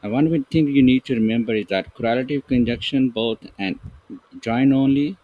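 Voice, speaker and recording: A man gives an English grammar lesson, reading example sentences slowly and deliberately as he writes with a pen. His voice is medium in pitch and the sound is lo-fi.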